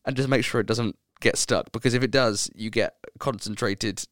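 A man's voice: mid-range voice, fairly even intonation, a little fast, fairly bright tone, no echo, clean studio sound. A man co-hosting a podcast, chatting in a joking, laid-back way. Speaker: podcast co-host. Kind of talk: casual chat.

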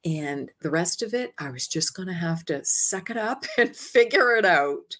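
Woman guest, lower voice, lively storyteller who acts out her own lines and laughs lightly. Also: normal speed. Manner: laughs lightly between phrases. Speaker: interview guest, energy healer. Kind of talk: personal storytelling.

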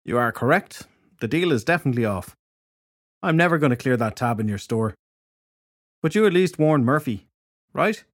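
A gruff, sardonic fairy detective, read by a male narrator in a storybook audiobook. He talks with dry sarcasm and gives little away. The sound is close and dry. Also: mid-range voice, lively intonation, moderate pace, long pauses, dry recording, natural voice.

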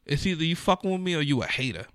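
A man's voice: fairly high pitch, very animated, rapid-fire, a bit bright, clear, resonant tone, no room sound. Man, comedian, casual storytelling, slangy, profane, dry sound. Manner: loose, profane, street slang.

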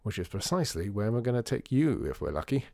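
A man voicing a brisk, theatrical disgraced store founder, wry and showy. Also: on the low side, sing-song, gravelly, a little mellow, dry recording, clean studio sound.

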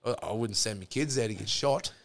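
On a podcast, a middle-aged Australian man in a low-ish voice talks a little fast as he rambles through casual stories. There's free swearing, frequent restarts and plenty of asides.

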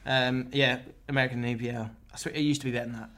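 A man's voice: mid-range voice, steady tone, very fast, fairly bright tone. A man co-hosting a podcast, rambling in a jokey, self-mocking way. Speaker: podcast co-host. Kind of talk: casual chat.

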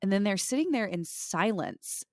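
A woman's voice: medium pitch, normal speed, dry recording, clean studio sound. A woman co-hosting a podcast, recapping in casual chat and acting out what others said. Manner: animated retelling, quoting others. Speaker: podcast co-host.

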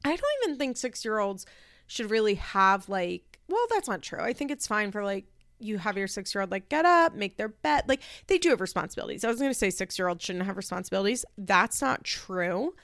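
A woman giving a casual, opinionated recap, chatty with many fillers and acting out quotes in high voices. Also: sing-song, a little fast, a bit bright, no room sound, studio quality. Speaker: commentator recapping a reality show.

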